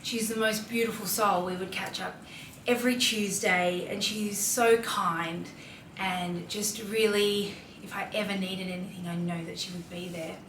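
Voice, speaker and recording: A woman's voice: medium pitch, fairly even intonation, measured pace, fairly bright tone, a little hiss or hum. An Australian woman in her thirties, a mom and fashion vlogger, talking in a heartfelt, chatty way with plenty of fillers. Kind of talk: casual confessional chat. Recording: roomy echo, distant mic, faint ambience.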